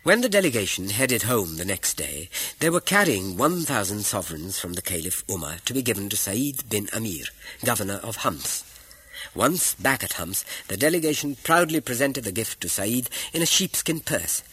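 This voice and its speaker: A man narrating a story in an expressive, measured way. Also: fairly low pitch, slightly rough, no echo, rough recording. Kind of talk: scripted narration.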